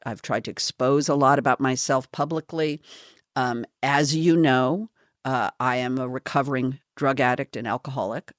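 A woman hosting a podcast, talking in an earnest, halting and openly confessional way. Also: extremely low pitch, dry recording, clean studio sound. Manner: earnest, halting, self-revealing. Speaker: podcast host.

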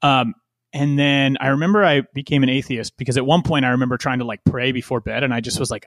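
A man's voice: medium pitch, steady tone, fast, dry recording. Guy rambling on in a chat, lots of likes and ums, dry close mic. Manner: rambling, many fillers and restarts. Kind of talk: casual conversation.

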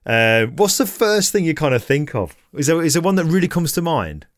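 Lively man hosting a podcast. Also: on the high side, fairly quick, dry recording, clean studio sound. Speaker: podcast host. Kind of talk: casual podcast chat.

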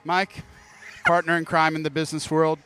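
A man's voice: a little high, level tone, normal speed, bright, forceful tone, clean tone. A man co-hosting a casual podcast, answering in dry, short remarks. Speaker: podcast co-host. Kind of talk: casual chat.

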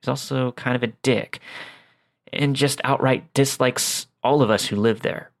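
A man reading a true creepy story aloud in a calm, low-key scripted narration. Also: measured pace.

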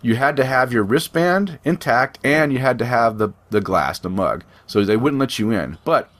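Middle-aged man for relaxed conversational talk, loose and rambling delivery, average pitch. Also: moderate pace. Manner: rambling, conversational, frequent restarts. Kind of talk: casual chat.

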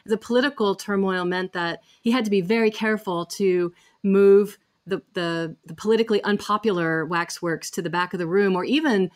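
A woman guest explaining history in a measured way, often repeating words as she goes. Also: mid-range voice. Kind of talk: explanatory storytelling.

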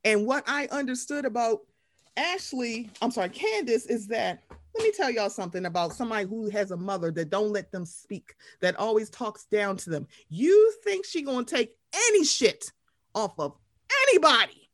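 A woman co-hosting a casual recap chat, profane and animated, acting out the voices she quotes. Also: on the high side, normal speed, dry recording, studio quality. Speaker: podcast co-host.

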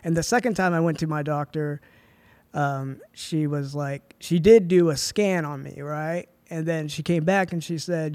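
A young man in his twenties, a film writer and director, telling a personal story in a relaxed, chatty way on a podcast. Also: a little high, moderate pace, no echo. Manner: relaxed and chatty, full of "like" and "dude". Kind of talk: casual storytelling in a podcast interview.

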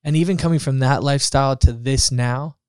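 Man, podcast guest musician: earnest, preachy, smooth voice, dry studio mic. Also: medium pitch, fairly quick, darkish tone, no room sound. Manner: earnest, preachy pep talk, says "bro" a lot. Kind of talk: casual podcast chat.

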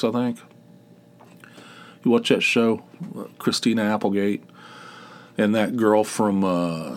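Man, podcast host, lowish voice, rambling casual storytelling, acts out a neighbor's lines. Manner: rambling, animated, swears, acts out neighbor dialogue.

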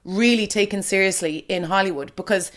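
A woman's voice: mid-range voice, a little fast. An Irish woman, a radio presenter, chatting casually and giving her opinions about a film with lots of fillers. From Ireland.

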